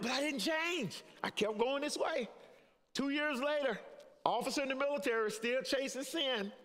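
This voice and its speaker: An older male pastor with a high, tenor-ish voice, preaching and sharing his testimony. He drops to a hush, then rises to a preacherly call, chuckling at his own story. His words ring out with a long tail of reverb through a big church hall. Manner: swings from hushed to raised, preacherly. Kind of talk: sermon with personal testimony. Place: church sanctuary.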